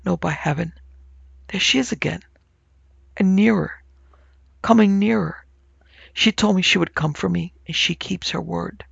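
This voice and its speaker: A man's voice: sits high, measured pace, gravelly, pauses often, fairly bright tone, slightly rough, no echo, lo-fi sound, full character voice. A man voicing a panicked young man crying out at a ghost. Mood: terrified. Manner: frantic, gasping, half-whispered cries. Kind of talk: audiobook character voice.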